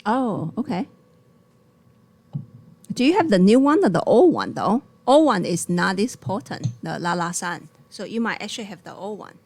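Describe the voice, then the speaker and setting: Gravelly-voiced woman chatting about tea. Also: mid-range voice, big pitch swings, normal speed, a little mellow, a little hiss or hum. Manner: laughs often, loose non-native grammar. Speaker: tea shop co-host. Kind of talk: casual live-stream chat.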